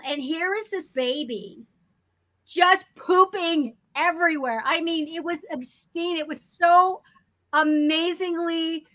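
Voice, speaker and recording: High, bright-voiced woman telling lively stories. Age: adult. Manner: animated, acts out panicked voices in her stories. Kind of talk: casual storytelling chat.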